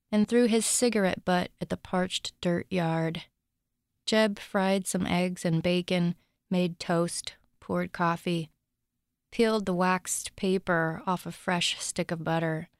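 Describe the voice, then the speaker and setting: A woman reads her own short story in a calm, deadpan literary reading. Her voice is low and smooth. The sound is close and dry, with no room around it. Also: takes it slowly, dry recording.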